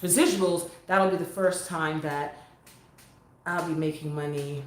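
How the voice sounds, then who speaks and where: A woman chatting casually with viewers on her phone, animated and talkative. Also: low-pitched, a little slow, a little hiss or hum. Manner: animated, chatty, bursts into sung vocal runs. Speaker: vlogger. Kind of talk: casual live chat to viewers. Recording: echoey room on a phone.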